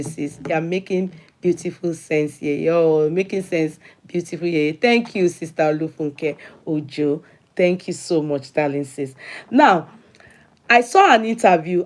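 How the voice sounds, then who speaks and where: A middle-aged woman with a Nigerian accent hosting a casual livestream, greeting viewers by name and slipping into Yoruba phrases. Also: mid-range voice. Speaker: livestream host. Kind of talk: casual live chat with viewers.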